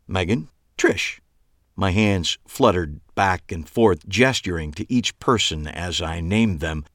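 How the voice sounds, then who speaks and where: A man's voice: sits low, fairly bright tone, no room sound. A man reading a first-person novel aloud with dry, wry storytelling. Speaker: audiobook narrator. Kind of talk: first-person scripted narration.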